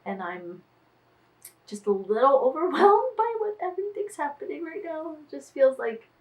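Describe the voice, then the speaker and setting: A woman's voice: sits high, very animated, normal speed, recorded from a distance, rough recording. A tired woman managing artists talks through her week in a casual diary vlog, sighing and trailing off as she thinks aloud.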